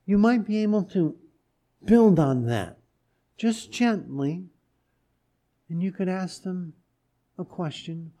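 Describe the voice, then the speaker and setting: A man preaching a sermon as pastor, speaking gently and deliberately with pauses and restarts. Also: sits high.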